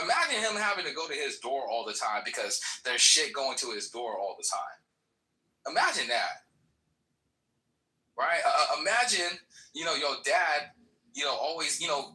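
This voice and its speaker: Bright-voiced man, profane and taunting. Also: on the high side, low-quality recording. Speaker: voice chat participant. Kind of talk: heated online argument.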